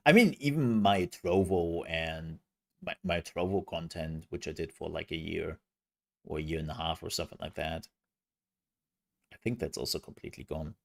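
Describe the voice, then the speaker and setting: A man's voice: low-pitched, normal speed, gravelly, pauses often. A man streaming, chatting casually with viewers in a rambling, self-mocking way. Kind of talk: casual live-stream chat.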